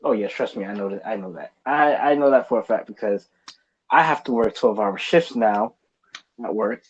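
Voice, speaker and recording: A man's voice: on the low side, lively intonation, moderate pace, a little hiss or hum. A man co-hosting a casual podcast chat, rambling with frequent restarts and swearing when riled. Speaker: podcast co-host. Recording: slightly dull lo-fi sound.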